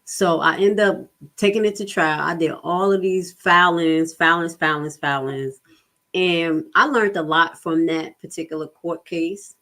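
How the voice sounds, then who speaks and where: A woman's voice: lowish voice, a little slow, sharp tone. A middle-aged woman telling a personal story on a casual livestream, swearing freely and acting out the voices of other people.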